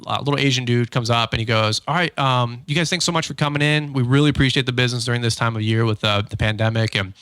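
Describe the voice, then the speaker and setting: A man hosts a podcast in an easygoing spoken monologue, his voice sitting in a middle range. He tells stories with energy and slips into lively quoted voices, with plenty of fillers and restarts. The sound is dry and close, with no room around it. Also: medium pitch, fast, few pauses, clear, resonant tone, no echo. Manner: animated storytelling, acts out quotes. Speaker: podcast host. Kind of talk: casual monologue.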